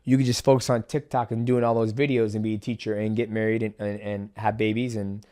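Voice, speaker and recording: A man's voice: lowish voice, little pitch movement, fast, dark tone. A man who used to fight in mixed martial arts hosts a casual interview, talking loosely with many fillers and restarts. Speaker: podcast host, former MMA fighter.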